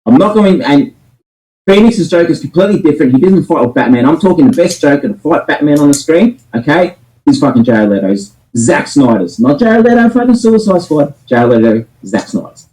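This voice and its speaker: A man's voice: fairly high pitch, sing-song, a little fast, mellow, poor audio. A man with an Australian accent, talking in a casual livestream chat, emphatic, fired up and swearing often. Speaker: co-host reviewing a film.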